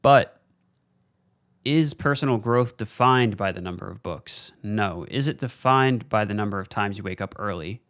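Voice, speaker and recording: A man hosting a podcast and giving a casual, blunt motivational talk straight to camera, swearing freely and slowing down to press his points. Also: fairly low pitch, fairly bright tone, no echo, clean studio sound. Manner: slows down for emphasis. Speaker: podcast host. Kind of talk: motivational monologue. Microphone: studio mic, facing camera.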